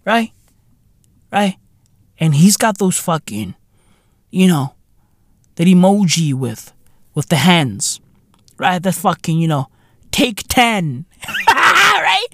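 Profane, lively male podcaster. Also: a little high, slow pace, long pauses, dry recording, clean studio sound. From South Africa. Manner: profane, sarcastic, exasperated ranting with slang. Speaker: podcast host. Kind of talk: solo podcast commentary rant.

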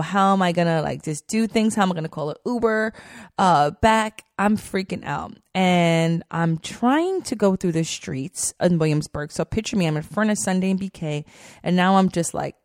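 Young woman rambling through a story, kinda low voice, dry close sound. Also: no echo. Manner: animated, chatty, lots of fillers. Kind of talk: casual storytelling.

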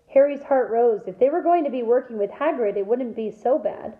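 A woman teacher reads a novel aloud to her class with lively storytelling and a fairly high voice. The sound is roomy and comes through a tinny, phone-like line. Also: brisk, few pauses. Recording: echoey room over a thin phone-like line.

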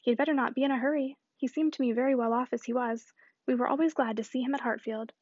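A woman reading the part of a fussy, anxious elderly gentleman who rambles fretfully. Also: high voice, fairly even intonation, fast talker, no room sound, highs cut off.

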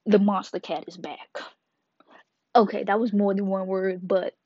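A woman's voice: mid-range voice, steady tone, no echo. Slangy woman reviewing manga. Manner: slangy and playful, retells scenes with quick asides. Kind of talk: casual video review. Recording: dull lo-fi dry sound.

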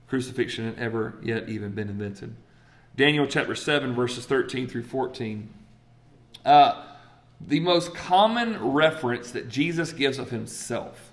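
Southern man preaching a lively sermon. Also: medium pitch, normal speed, vocal fry. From South Carolina. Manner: conversational, animated, quotes scripture and acts out voices.

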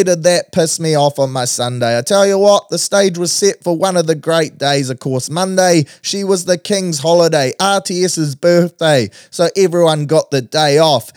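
A man hosting a sports podcast, talking in a blokey, energetic, slangy way. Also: on the high side, no echo, studio quality. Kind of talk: casual chat and sports commentary.

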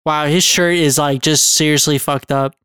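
A man's voice: a little high, steady tone, moderate pace, a bit bright, clear, resonant tone, no room sound, clean studio sound. A man chatting casually and cracking jokes while reacting to a movie. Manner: laid-back, swearing, wisecracking.

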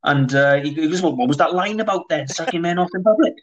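Welsh comedian, higher-pitched man. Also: fast, low-quality recording. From Wales. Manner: rambling anecdotes with frequent restarts. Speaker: comedian guest. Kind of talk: casual podcast chat.

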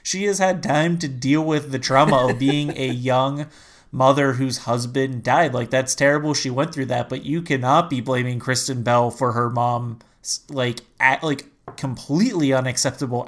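A man's voice: medium pitch, moderate pace. A man co-hosting a podcast, chatting casually about a movie and laughing often. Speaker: podcast co-host.

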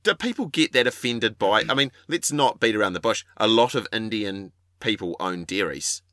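A man's voice: on the low side, animated, moderate pace, sharp tone, dry recording, clean studio sound. A man co-hosting a podcast, rambling in laid-back, crude banter. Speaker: podcast co-host. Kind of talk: casual banter.

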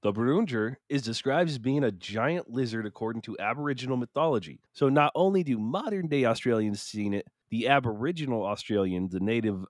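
A man's voice: mid-range voice, animated, fairly quick, few pauses, no echo, studio quality. A man co-hosting a casual podcast, reading out accounts and joking along, often laughing and tripping over hard words. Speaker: podcast co-host.

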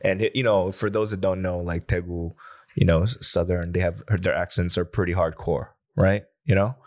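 A man's voice: deep voice, steady tone, moderate pace. A man co-hosting a podcast, chatting casually and teasing his co-host with jokes. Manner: joking, teasing banter with laughs. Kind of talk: casual chat.

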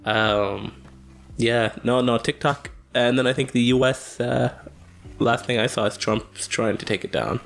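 A man's voice: mid-range voice, steady tone, measured pace, creaky, a bit bright. A man co-hosting a podcast in casual chat, rambling and joking, often trailing off mid-sentence.

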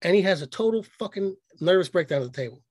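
A man's voice: sits high, animated, fast talker, a little mellow, husky. A man co-hosting a podcast, telling a rambling, profane story in casual chat. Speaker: podcast co-host.

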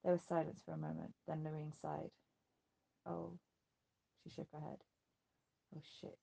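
A woman narrating a novel in an even, measured audiobook reading. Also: deep voice, vocal fry. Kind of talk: scripted narration.

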